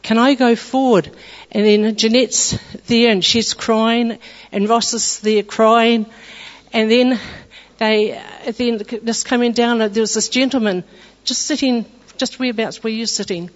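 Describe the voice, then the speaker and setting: A woman's voice: fairly high pitch, fairly even intonation. Woman's testimony in an echoing church. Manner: earnest, halting retelling with restarts. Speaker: church member giving testimony. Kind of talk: testimony storytelling. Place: church hall. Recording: dull lo-fi with long hall reverb.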